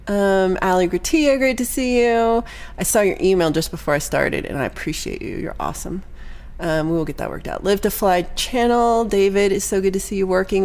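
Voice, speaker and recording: A woman from Texas hosting her weekly livestream song show, chatting casually with viewers in a bubbly way, with quick asides and frequent laughs. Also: mid-range voice, darkish tone.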